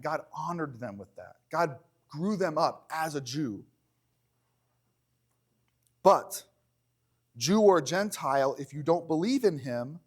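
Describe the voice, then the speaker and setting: In a church, a man delivers a conversational sermon, lively and full of jokes, easing his pace whenever he reads from scripture. His voice runs a little high.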